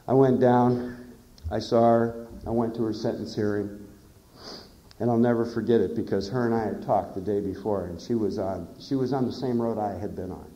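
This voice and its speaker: A man's voice: fairly low pitch, steady tone, moderate pace, warm tone. A middle-aged man giving a plain-spoken, earnest personal testimony at a recovery meeting. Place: conference hall. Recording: echoey dull conference tape.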